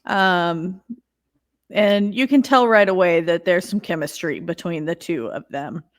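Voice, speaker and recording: A woman co-hosting a podcast, recapping a movie in relaxed casual chat and voicing her own reactions. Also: fairly low pitch, a little slow. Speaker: podcast co-host.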